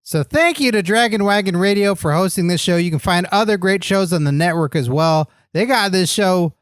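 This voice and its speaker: A man's voice: high-pitched, normal speed, clean tone, no room sound, clean studio sound. A man co-hosting a comedy wrestling podcast, joking and rambling through his lines. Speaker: podcast co-host.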